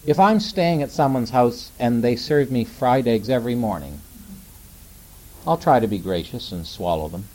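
A middle-aged man preaching a sermon in a gentle, conversational way, often asking his listeners rhetorical questions. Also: medium pitch, animated, normal speed, rough recording.

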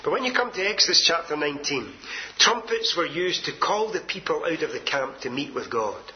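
A man preaching a sermon with emphatic delivery, swinging from loud declarations to hushed asides. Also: a little high, expressive, a little fast, highs cut off, a little hiss or hum.

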